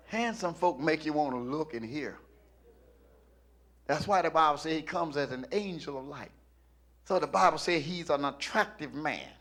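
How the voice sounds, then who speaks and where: High, bright-voiced preacher. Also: male voice, normal speed. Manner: rhythmic preaching that swings from low murmurs to shouting. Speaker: pastor. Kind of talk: sermon.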